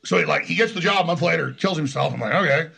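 A middle-aged man telling stories in an interview, talking fast and combatively with frequent restarts and repeated words. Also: on the high side, creaky, pushed and bright, husky. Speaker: interview guest. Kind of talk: heated conversational storytelling.

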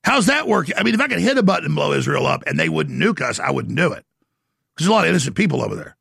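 Gravelly intense man ranting. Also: fairly high pitch, sing-song, rapid-fire, a bit bright, no echo, clean studio sound. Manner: gravelly, intense, boastful, mocking voices in quotes. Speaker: talk show host. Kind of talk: ranting monologue.

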